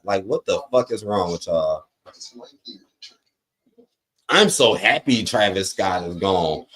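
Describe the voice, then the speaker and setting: A man hosting a live watch-along stream, reading chat comments aloud and giving blunt, profane opinions in a loose, rambling way. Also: medium pitch. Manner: loose, rambling with frequent fillers.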